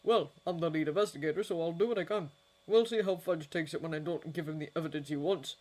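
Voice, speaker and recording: A woman voicing a brisk, sarcastic male wizard investigator in a fanfiction audiobook. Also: on the high side, darkish tone, close to an everyday voice. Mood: grim.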